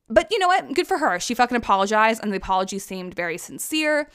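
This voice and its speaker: A young woman with a fairly high voice hosts a casual solo podcast. She talks in a chatty, sarcastic way, swears freely and slips into mimicking voices to act out what others said. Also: very animated, quick pace, hardly any pauses, fairly bright tone, smooth. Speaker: podcast host.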